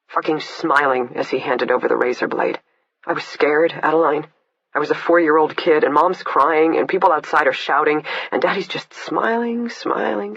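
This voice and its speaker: A man reading the part of a blunt, swearing woman killer, the narrator's imprisoned older sister, in a husky voice. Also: a little high, a bit bright, no echo. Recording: dull lo-fi, dry.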